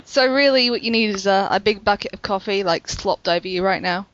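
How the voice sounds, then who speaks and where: A woman's voice: mid-range voice, a little fast, a bit bright, no room sound, highs cut off. A woman hosting a casual gaming podcast, chatty and full of fillers, laughing often. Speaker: podcast host. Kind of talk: casual chat.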